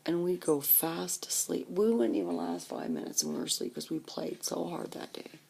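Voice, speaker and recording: A woman in her fifties reminisces about her childhood, animated and chatty, acting out other people's voices as she goes. Her speaking voice is low, with a gravelly, husky texture. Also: moderate pace. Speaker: storyteller recalling her childhood. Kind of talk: personal storytelling.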